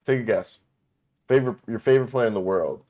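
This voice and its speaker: A man's voice: lowish voice, fast talker, darkish tone, lo-fi sound. A man co-hosting a basketball podcast in casual chat, teasing and joking. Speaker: podcast co-host.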